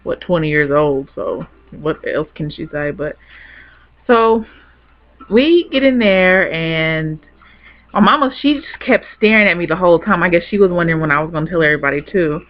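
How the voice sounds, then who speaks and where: A woman's voice: lowish voice, lively intonation, normal speed. A young woman telling a personal story in a rambling, chatty way, laughing easily. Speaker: vlogger. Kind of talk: casual storytelling to camera. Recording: dull lo-fi webcam audio.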